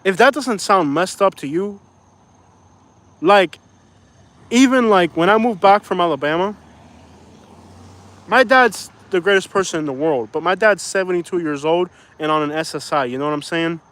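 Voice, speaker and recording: A young man with a fairly high voice rants on a casual live stream, frustrated and venting. He keeps saying "bro" and "like" and apologizes now and then for his swearing. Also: animated, moderate pace, pauses often, a bit bright. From Florida. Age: young adult. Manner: says "bro" and "like" often. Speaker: YouTuber reading live chat.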